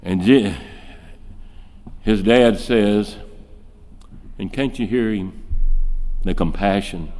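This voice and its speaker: A man's voice: fairly low pitch, slow pace, long pauses, darkish tone. A man preaching a sermon, driving his points home with rhetorical questions and acting out the voices he quotes. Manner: emphatic, fires off rhetorical questions; acts out quoted speech in shifting voices. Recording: long reverb in a large hall.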